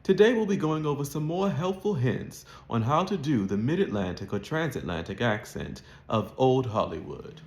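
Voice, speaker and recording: A man's voice: medium pitch, sing-song, normal speed, hardly any pauses, darkish tone. Man teaching accents in a roomy space. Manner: explanatory, demonstrates sounds. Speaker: accent coach. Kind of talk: lesson.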